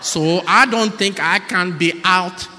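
A male pastor preaching a lively sermon in a church, acting out people's excuses and breaking into shouts. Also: high voice, slow. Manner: animated, mimics excuses, bursts into shouts. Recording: echoey church hall.

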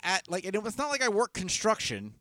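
A man's voice: high-pitched, huge pitch swings, a little fast, pushed and bright, dry recording, studio quality. A man co-hosting a casual comedy podcast, telling long rambling stories with restarts and laughs. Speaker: podcast co-host. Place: podcast studio.

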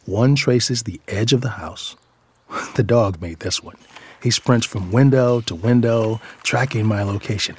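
Reflective low-voiced male storyteller. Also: slow pace, long pauses, noisy background. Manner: reflective and tender, drops to a whisper at times. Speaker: father and storyteller. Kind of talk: scripted first-person storytelling. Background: background music.

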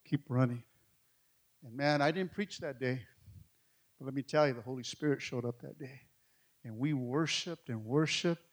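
A middle-aged male pastor, telling a story in a sermon, swinging between hushed and loud. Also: medium pitch, moderate pace.

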